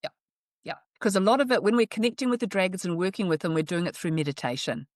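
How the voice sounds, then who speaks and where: A middle-aged woman astrologer talking in a relaxed, earnest interview, chatty, with soft laughs between thoughts. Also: fairly low pitch, quick pace, no room sound, studio quality. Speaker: astrologer and workshop leader. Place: New Zealand.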